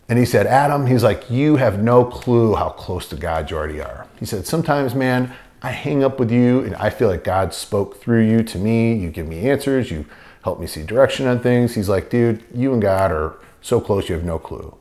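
A man's voice: lowish voice, lively intonation, normal speed, darkish tone. A man sharing a personal faith testimony in an earnest, rambling storytelling way, full of fillers and restarts. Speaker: testimony speaker.

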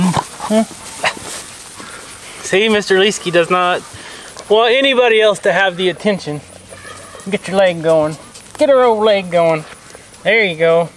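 A man's voice: high-pitched, a little slow, long pauses, a little hiss or hum, rough recording. A man, a farmer vlogging casually outdoors and chatting with his dogs. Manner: easygoing, chats with his dogs. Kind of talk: casual vlog narration. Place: outdoors on a farm.

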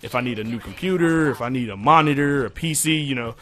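A young man venting to his viewers in a profane, exasperated rant, going quiet when he calms down. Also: fast talker. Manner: profane, exasperated, jumping pitch when heated. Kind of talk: casual rant to camera.

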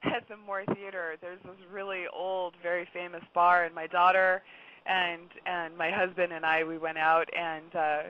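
A middle-aged woman, a regular guest on a radio talk show, telling a long story in a chatty, lively way and laughing often. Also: lowish voice, normal speed. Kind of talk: casual radio chat. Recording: dull lo-fi sound, faint noise.

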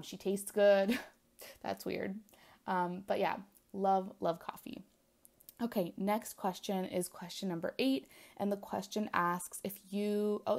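A woman's voice: medium pitch, gravelly, a little mellow. A young woman vlogger answering questions in casual chat, rambling with lots of fillers and small giggles. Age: young adult. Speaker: planner vlogger.

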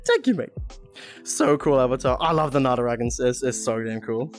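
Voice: medium pitch, sing-song, normal speed, faint music behind. A streamer chatting casually during a VR game, giggling a lot and swearing often, speaking into a headset mic. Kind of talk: casual live-stream chat while playing a VR game.

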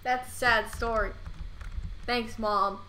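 A girl in her teens chatting and rambling through a Minecraft let's play, breaking into loud excited bursts. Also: fairly high pitch, slow pace, slight background noise. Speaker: gaming YouTuber. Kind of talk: casual let's play commentary.

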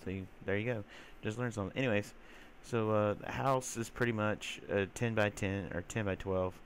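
A man's voice: fairly low pitch, fairly even intonation, normal speed, slight background noise. A man giving casual, rambling gameplay commentary, full of fillers, who sometimes coos teasingly at the creatures in his game. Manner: rambling, chatty, filler-heavy; teasing baby-talk to game mobs. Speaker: gamer.

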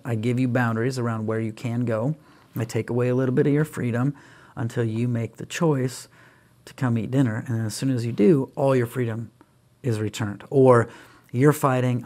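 A middle-aged man speaking as a podcast guest, telling parenting stories and acting out what he says to his kids. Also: medium pitch. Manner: animated, acts out quoted dialogue with his kids. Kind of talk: conversational storytelling.

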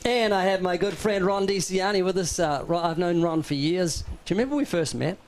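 A man's voice: high-pitched, a little fast, slight background noise. A man hosting a talk show, speaking bluntly and with emphasis. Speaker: show host. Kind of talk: casual talk-show chat.

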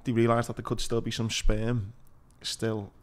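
A man's voice: on the low side, monotone, normal speed. A man speaking frankly and bluntly, with plenty of swearing, in a casual podcast chat.

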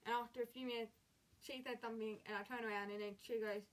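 A late-teen girl vlogger tells a frustrated storytime rant about school, speaking fast in a fairly high voice with a steady tone. She retells what happened emphatically, sounding exasperated.

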